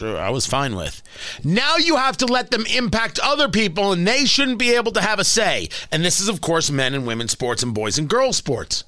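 A man hosts a talk radio show with a high voice that swoops and leaps across its range. His tone is bright and forceful, his delivery emphatic and heated. The sound is dry and close, straight from a studio mic. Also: no echo. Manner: emphatic, rising to heated exclamations. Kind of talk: opinionated talk radio monologue.

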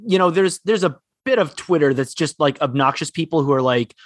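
Podcast co-host, male, slightly higher voice, dry close mic, rambling and upbeat. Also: a bit bright, dry recording. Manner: rambling, enthusiastic, quick asides. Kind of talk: casual podcast chat.

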